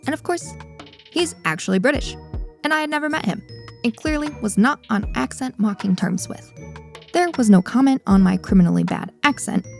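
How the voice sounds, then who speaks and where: A woman's voice: fairly high pitch, vocal fry, darkish tone. A woman hosting a podcast, telling a story in a playful, self-deprecating way. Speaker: podcast host.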